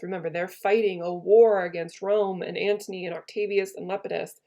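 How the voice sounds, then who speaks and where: A woman's voice: fairly low pitch, fairly even intonation, fairly quick, few pauses, dark tone. A woman teacher reading a play aloud in a casual lesson and retelling the old verse in casual modern slang.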